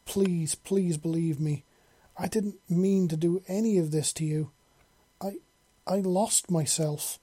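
A narrator voicing a panicked, remorseful winged woman who pleads and sobs in a raised pitch. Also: takes it slowly, mellow, husky. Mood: desperate apology.

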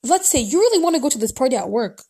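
High-voiced woman rambling advice. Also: sing-song, rapid-fire, dark tone, breathy edge. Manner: rambling, many restarts and fillers. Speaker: podcast host. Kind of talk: casual advice monologue.

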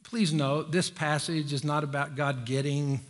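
A middle-aged man preaching a sermon in a church, folksy and joking, climbing higher when he presses a point. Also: little pitch movement, a little slow. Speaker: pastor. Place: church sanctuary.

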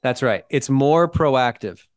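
A man's voice: medium pitch, lively intonation, slow. A man co-hosting a podcast, explaining ideas in casual chat and checking in with "right?" and "okay?". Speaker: podcast co-host.

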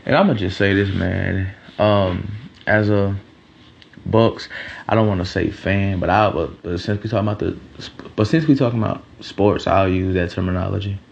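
Male sports host, gravelly and low, rambling and profane, dull lo-fi recording. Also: steady tone, normal speed. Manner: rambling, loose and profane, many restarts. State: a little tired. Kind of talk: casual sports talk.

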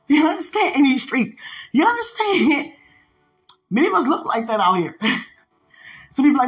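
Podcast evangelist, animated swooping delivery, excitable, quick laughs and street slang. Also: high voice. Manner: excitable, laughs often, repeats phrases; uses slang and street talk. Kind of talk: excited preaching testimony.

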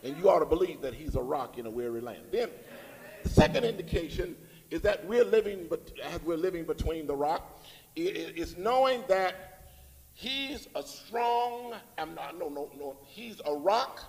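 A man's voice: on the high side, expressive, normal speed, vocal fry. A man preaching a Sunday morning sermon in a church, with call-and-response phrases and rising emphatic lines. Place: church sanctuary. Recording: long reverb in a church hall.

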